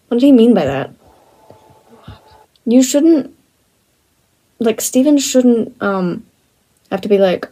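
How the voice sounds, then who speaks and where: A woman giving casual reaction commentary, excitable and rambling, full of fillers and exclamations. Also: mid-range voice, breathy edge. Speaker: reaction video host.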